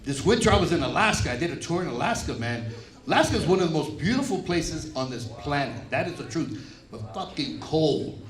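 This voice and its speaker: A middle-aged Puerto Rican man raised in the Bronx, New York, performs stand-up on a comedy club stage, firing off brash, profane punchlines in a New York accent. His voice is fairly high, animated, and fairly quick. The live room echoes with crowd noise and audience laughter.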